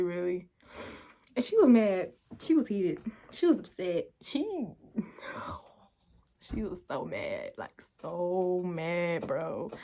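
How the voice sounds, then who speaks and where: A young adult woman vlogger telling a story in a casual, animated way, laughing often and acting out the quotes. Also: lowish voice.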